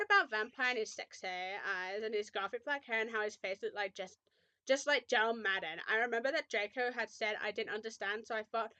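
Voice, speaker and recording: A woman's voice: on the high side, fairly quick, pushed and bright, dry recording, lo-fi sound. A young woman reading a fan fiction aloud with mock drama, often breaking off to make sarcastic remarks.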